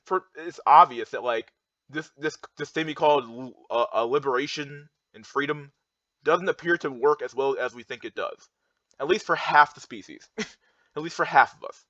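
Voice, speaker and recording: A man's voice: mid-range voice, a bit bright, no echo. Heated young man ranting, dull dry audio. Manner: heated, repetitive, filler-heavy with many restarts. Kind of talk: ranting monologue reacting to charts.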